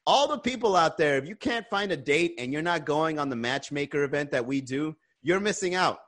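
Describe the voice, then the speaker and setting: His voice a little high, expressive and a bit bright, a man briskly hosts a live comedy podcast stream. He chats loosely with viewers, reading their comments, and alternates laughter with swearing and ranting.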